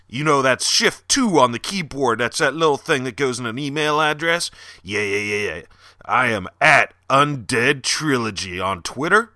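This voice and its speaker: A man with a Southern accent who hosts a podcast, reading a dark horror story and then plugging books in loud, animated chat. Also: medium pitch, moderate pace, no room sound, clean studio sound. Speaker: podcast host and horror author.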